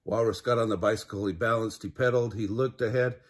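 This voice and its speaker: An older man, a grandfather, reading a children's picture book aloud in a gentle, chatty way. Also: fairly low pitch, steady tone, fast talker, breathy edge. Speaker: storyteller.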